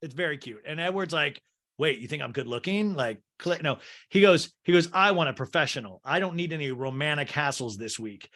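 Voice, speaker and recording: A bright, slightly high-voiced man from Kansas hosts a casual comedy podcast. He rambles through the plot and slips into quick impressions of the characters. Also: animated. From Kansas, USA. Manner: rambling storyteller who acts out characters' lines. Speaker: podcast host. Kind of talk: casual podcast chat recapping a movie.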